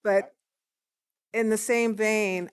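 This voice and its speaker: A woman's voice: mid-range voice, steady tone, takes it slowly, clean tone, dry recording, clean studio sound. A woman council member asking eager follow-up questions in a council meeting discussion. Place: city council chamber.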